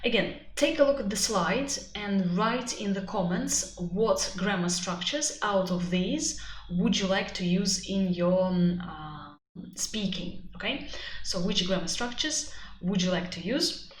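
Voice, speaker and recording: A woman with a Russian accent teaching a live webinar. She talks in an animated, chatty way and uses many fillers. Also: medium pitch, unhurried. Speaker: IELTS teacher. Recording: echoey room, faint background noise.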